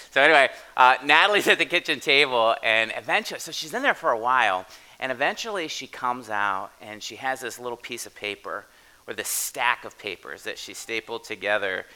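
A man's voice: lowish voice, bright, forceful tone, clear, resonant tone. A man in his thirties, a pastor telling a story in a chatty, casual sermon and often asking "right?".

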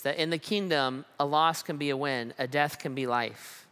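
A man's voice: on the high side, moderate pace, few pauses, bright, forceful tone, clear, resonant tone. A man preaching a sermon with emphatic repetition and rhetorical questions. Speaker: pastor.

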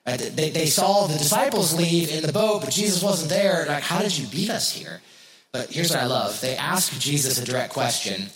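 A man's voice: fairly high pitch, expressive, moderate pace, few pauses, fairly bright tone. A man preaching a sermon as pastor, talking casually to his congregation, asking rhetorical questions and repeating key phrases for emphasis. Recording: roomy echo.

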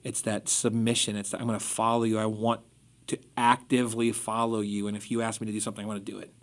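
A male pastor in a relaxed podcast chat, explaining scripture in plain, conversational terms. He talks it through loosely, with everyday examples and easy fillers. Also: lowish voice, quick pace. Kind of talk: casual church podcast discussion.

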